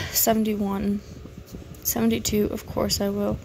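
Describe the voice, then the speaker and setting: Woman gamer, casual play-by-play, gravelly and slow, muttering commands, noisy recording. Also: on the high side. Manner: mutters menu commands aloud, sighs, mildly exasperated. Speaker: gaming video creator. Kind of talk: casual gameplay narration. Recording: noisy background hiss.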